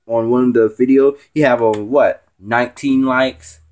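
A man fills in as host of a casual vlog, rambling, teasing, and ranting to his viewers with a swooping pitch. His voice is a little mellow, his tone steady, and he talks at a normal speed.

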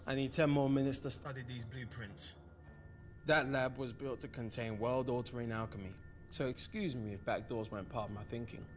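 A man's voice: mid-range voice, fairly even intonation, normal speed, faint music behind, natural voice. A man voicing a curt, dry lab-owning scientist. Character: curt, unflappable male scientist who runs labs.

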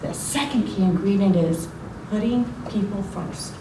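A woman's voice: medium pitch, measured pace. A woman in her forties giving a motivational contest speech with a theatrical, emphatic delivery. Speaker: contest speaker. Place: club meeting room. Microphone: far room mic. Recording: echoey room from far off, noisy.

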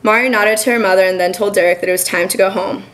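A young woman student reading her own short story aloud at a college reading, in an even, measured manner. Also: medium pitch, rough recording. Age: young adult. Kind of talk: literary reading.

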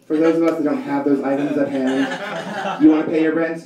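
Brisk and fairly high-pitched, a man in his thirties performs stand-up for a live comedy club crowd, ranting with exasperation and profanity. A distant mic in an echoey room picks up loud laughter and heavy background noise.

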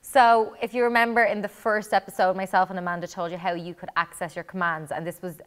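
A woman's voice: lowish voice, flat delivery, quick pace, fairly bright tone, clean tone. A woman co-hosting a lesson, explaining steps in an encouraging way. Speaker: co-host teacher. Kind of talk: casual classroom explanation.

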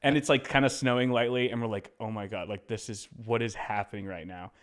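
A young man on a podcast telling a story in a casual, animated way, switching into quoted voices as he goes. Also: on the low side, brisk, clean tone. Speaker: podcast co-host.

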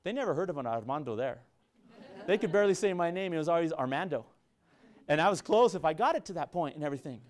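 Man, middle-aged, San Luis Valley Colorado accent, higher pitch, earnest lecture, repeats and restarts. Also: animated, fast talker. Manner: earnest, repetitive, frequent restarts. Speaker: university business professor. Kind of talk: public lecture to students.

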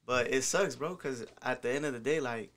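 A man's voice: mid-range voice, normal speed, a bit bright. A man talking casually on a podcast about playing soccer, slangy and profane with lots of filler words. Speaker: podcast guest, soccer player.

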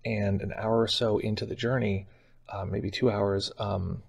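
A man recounting a personal experience in a soft, halting way, with many fillers and pauses. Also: lowish voice, level tone. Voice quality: gravelly, husky. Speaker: meditation channel host. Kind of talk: personal reflective account.

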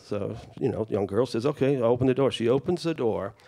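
A man's voice: mid-range voice, a little fast, creaky. A man telling family stories to an audience, acting out the people he quotes. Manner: animated anecdote-telling, acts out quoted voices. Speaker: festival speaker sharing family stories. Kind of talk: storytelling talk to an audience.

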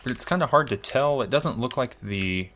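A man's voice: medium pitch, moderate pace, a little hiss or hum. A man commentating his own video game playthrough, thinking aloud and cheerfully mocking his own play. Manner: excitable, self-deprecating, thinks aloud.

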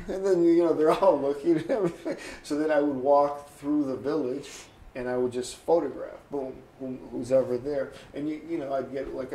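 A man's voice: mid-range voice, a little hiss or hum. Chatty older man, roomy sound. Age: 60s. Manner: lively anecdotal, acts out quoted voices, chuckles often. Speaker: interviewee. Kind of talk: oral history storytelling. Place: interview booth.

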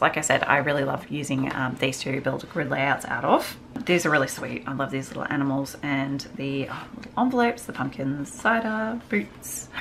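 A woman with a low-pitched voice talks through her craft haul in a relaxed, chatty way. She gushes over each piece with small exclamations of delight. A faint hiss sits quietly behind her. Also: vocal fry. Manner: chatty and gushing, frequent little exclamations. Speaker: craft vlogger. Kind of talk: casual show-and-tell haul.

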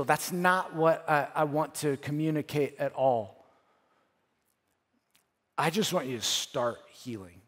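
A man preaching a sermon as pastor, earnest, repeating phrases, rising to emphatic peaks and dropping to soft, quiet lines. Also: a little high, a little slow. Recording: church hall with long reverb.

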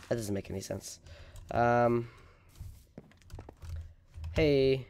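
A man's voice: medium pitch, animated, moderate pace, pauses often. A man hosting casual gameplay commentary, melodramatic and overreacting, stammering, sometimes leaning away from his desk microphone. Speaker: gaming video host.

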